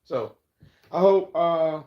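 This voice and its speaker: A man's voice: fairly high pitch, slow pace, roomy sound, lo-fi sound. A man hosting his own podcast, talking bluntly and profanely as he gives life advice in a rambling monologue that often repeats itself. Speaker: podcast host.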